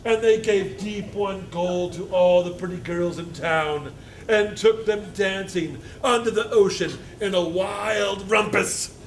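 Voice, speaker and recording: A man, a university instructor, reading a picture book aloud to a live audience, halting with fillers and joking asides. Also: high voice, a little hiss or hum.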